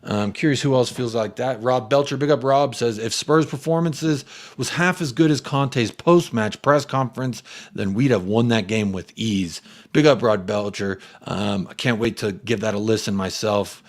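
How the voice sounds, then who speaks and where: A young American man hosting a football fan live stream at a medium pitch. He reads viewers' comments aloud and shouts them out one by one, with an animated, chatty energy. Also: moderate pace. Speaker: fan channel host. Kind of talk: live-stream chat reading.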